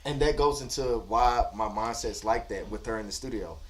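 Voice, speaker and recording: A man's voice: on the low side, a little fast, far from the mic. A man speaks earnestly as a guest producer in a recording studio, explaining his working methods in long stretches. He sits a little back from the mic. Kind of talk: casual chat.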